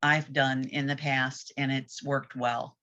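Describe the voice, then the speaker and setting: A woman's voice: rumbling low, little pitch movement, takes it slowly, sharp tone. A woman in a casual group chat, speaking candidly and reflectively in plain words. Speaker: group discussion participant. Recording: dull lo-fi audio.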